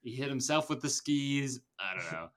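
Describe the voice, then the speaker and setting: A man's voice: mid-range voice, expressive, moderate pace, a bit bright. A man co-hosting a podcast, talking casually about a film in a meandering way, full of fillers and restarts. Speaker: podcast co-host.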